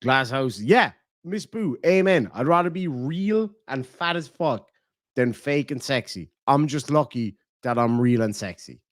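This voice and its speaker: Irish male streamer, blunt and profane, mid-pitched, dry close sound, casual donation-reading chat. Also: unhurried, no echo. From Ireland. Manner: blunt and profane, animated swings in loudness. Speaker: livestream host.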